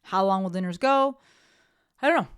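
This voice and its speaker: A woman's voice: mid-range voice, moderate pace, clean tone, no echo, clean studio sound. A woman hosting her own podcast, talking casually and upbeat, often correcting herself mid-sentence. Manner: chatty, self-correcting, upbeat sign-off. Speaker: podcast host. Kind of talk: casual solo podcast talk.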